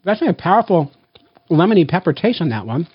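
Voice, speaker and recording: Playful dad hosting a taste test. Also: male voice, high-pitched, big pitch swings, brisk, breathy edge, no echo, highs cut off. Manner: playful, counting down loudly. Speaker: host of a blindfolded taste test. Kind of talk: casual family vlog chat.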